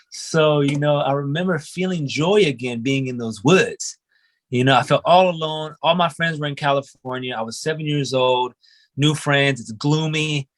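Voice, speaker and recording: A man's voice: on the high side, normal speed. Reflective man with casual filler-heavy talk. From United States (grew up in Oregon). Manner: casual, reflective, peppers speech with "you know" and "man". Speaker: qigong and breathwork instructor, guest. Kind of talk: casual conversational storytelling.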